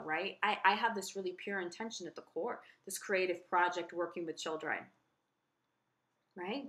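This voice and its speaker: A woman's voice: fairly low pitch, normal speed, bright, forceful tone. A woman giving a casual, earnest tarot horoscope reading, reassuring and repeating herself. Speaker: tarot reader.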